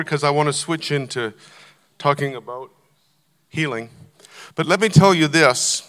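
Older male preacher, booming hall. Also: a bit bright. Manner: emphatic, conversational preaching to a congregation. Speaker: guest preacher. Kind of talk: sermon. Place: church auditorium. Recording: long church hall reverb.

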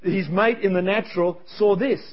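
A man preaching a sermon as pastor, animated, acting out quoted voices with quick asides. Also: high voice. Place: church service. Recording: dull lo-fi sound.

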